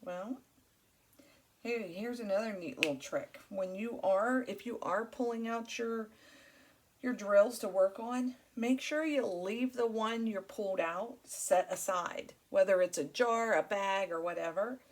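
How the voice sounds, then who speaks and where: A woman's voice: medium pitch, a little slow, darkish tone, a little hiss or hum. A woman hosting her crafting channel, chatting casually while she works, rambling and friendly with many fillers.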